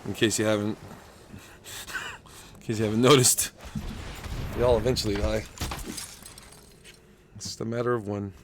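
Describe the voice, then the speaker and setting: Speaking a little slowly with long pauses, a US streamer with a fairly low voice plays a card game live over a noisy background. He's excitable and profane, casually chatting with his viewers by name.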